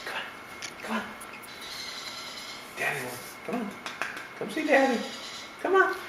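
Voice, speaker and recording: A man's voice: extremely high pitch, huge pitch swings, a little slow. Man coaxing parrots to fly over. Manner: calls the birds over and over in coaxing pet talk. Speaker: parrot owner calling the birds. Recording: roomy home recording with loud background noise.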